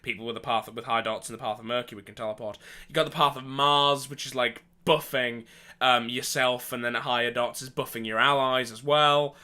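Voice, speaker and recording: A man's voice: medium pitch, fairly even intonation, a little fast, bright, forceful tone. A man hosting a podcast, telling a rambling, casual story from his tabletop games, full of fillers and restarts and with the odd offhand swear. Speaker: podcast host.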